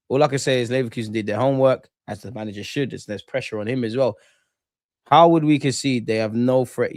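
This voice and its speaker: A young man hosting a football watchalong, chatting casually and ranting back at his live chat with a lot of swearing. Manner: rants at live chat, swearing, high-pitched indignation. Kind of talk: live match reaction chat.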